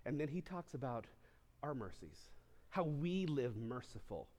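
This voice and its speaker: A man's voice: mid-range voice, sing-song, a little slow, a little mellow. A man pastor preaching a sermon, teaching through a text with casual asides to the congregation.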